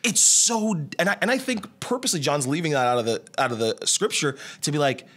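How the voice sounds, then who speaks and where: A man's voice: a little high, fairly quick, hardly any pauses. A man, a pastor and father, chatting casually with many restarts and fillers. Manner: relaxed, lots of likes and restarts. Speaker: pastor and podcast co-host. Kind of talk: casual chat.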